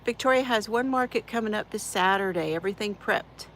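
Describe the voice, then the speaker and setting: A woman's voice: mid-range voice, fairly quick, a bit bright, slight background noise, poor audio. A woman, hosting a casual crafting live stream from her chair at home, greeting viewers by name and laughing often. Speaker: crafting channel host.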